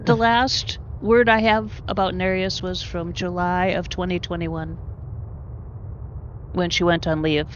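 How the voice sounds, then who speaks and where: A woman's voice: fairly low pitch, steady tone, measured pace, slight background noise. Woman co-host on dull voice chat. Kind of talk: casual livestream chat.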